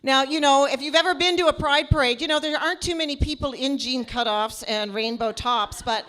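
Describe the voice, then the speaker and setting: A woman performing a stand-up comedy set on stage, telling her story in a loud, animated way into a handheld microphone. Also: sits high, brisk. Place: stage at a live comedy show. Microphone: handheld stage mic.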